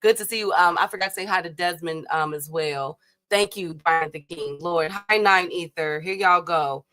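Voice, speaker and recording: A woman from Chicago hosts a casual boxing livestream, talking with the chat. Her voice is bright and sharp, recorded dry and close. She is chatty, laughs often and leans on fillers. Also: on the low side, normal speed, dry recording.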